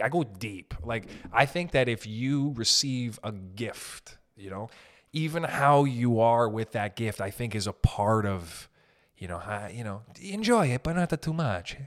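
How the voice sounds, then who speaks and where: Profane, animated man ranting. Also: mid-range voice. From raised in an Italian family. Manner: profane, animated, swings between loud and muttered. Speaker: podcast host. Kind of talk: casual comedic rant.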